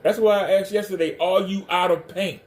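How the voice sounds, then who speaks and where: A man's voice: high voice, steady tone, normal speed. A man hosting a livestream, ranting confrontationally and hammering the same pointed questions. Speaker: livestream commentator.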